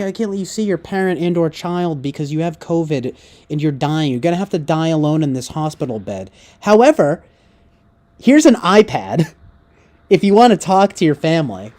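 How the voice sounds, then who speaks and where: A man's voice: fairly high pitch, warm tone, lightly acted. A man putting on the voice of a falsely polite male hospital worker in a mock-apologetic, sneering way.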